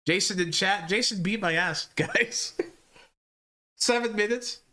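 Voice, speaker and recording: Bright-voiced young man hosting a stream. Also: sits high, measured pace. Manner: profane, self-mocking, laughing often. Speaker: livestream host. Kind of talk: casual live stream commentary.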